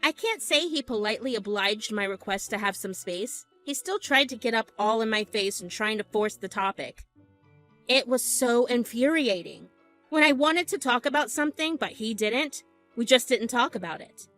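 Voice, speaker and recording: A woman's voice: a little high, lively intonation, moderate pace, a bit bright, faint music behind. Exasperated young woman narrating. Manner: storytelling, exasperated. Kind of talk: scripted narration of a family story.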